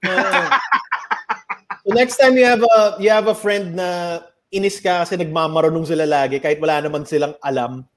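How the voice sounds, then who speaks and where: A young man with a Filipino accent talks in a high, lively register on a casual podcast. He drifts between English and Tagalog, swears freely and slips into mocking voices as he riffs. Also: a little fast. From Philippines. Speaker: podcast co-host. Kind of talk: casual chat.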